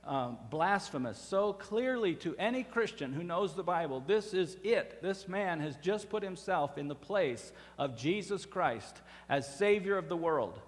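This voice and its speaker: A man's voice: high-pitched, expressive, measured pace, few pauses. A man preaching a sermon as pastor, in a conversational style with fillers and restarts, from a church sanctuary. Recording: reverberant church hall.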